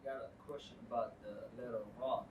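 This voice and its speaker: A man in a class asking his teacher a question with halting pauses. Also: medium pitch, fairly even intonation, phone-quality sound. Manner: asks questions hesitantly, with pauses. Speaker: student. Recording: roomy classroom from far off, noisy.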